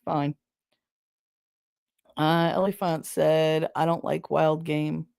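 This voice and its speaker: A woman's voice: sits low, level tone, slow pace, gravelly, a little mellow, smooth, dry recording. A woman hosting a casual podcast, telling stories bluntly with plenty of swearing and frequent laughter. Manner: blunt, profane, laughs and snorts often. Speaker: podcast host. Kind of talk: casual storytelling chat.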